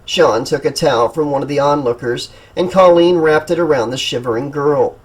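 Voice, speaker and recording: Husky man narrating a horror audiobook. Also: on the high side, moderate pace, low-quality recording. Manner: steady, dramatic storytelling. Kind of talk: scripted narration.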